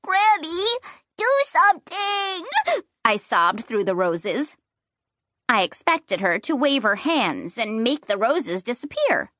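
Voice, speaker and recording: A woman narrating a children's fantasy book in first person, with playful and expressive storytelling. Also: mid-range voice, takes it slowly, no room sound, clean studio sound. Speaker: audiobook narrator.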